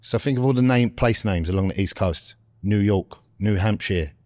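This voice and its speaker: A man's voice: on the low side, moderate pace, darkish tone, dry recording, studio quality. A man co-hosting a podcast, laddish and confident, calling everyone mate. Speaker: podcast co-host. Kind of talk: casual chat.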